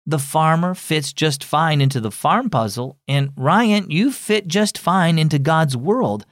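A man voicing a caring mother who is gentle but firm, in a children's storybook reading. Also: on the high side, lively intonation, unhurried, no room sound, clean studio sound. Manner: soothing, firm.

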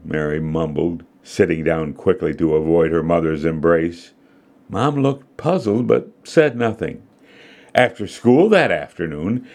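A man hosting and narrating a scripted children's devotional story in a gentle, measured way. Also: low-pitched, lively intonation. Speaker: host and narrator.

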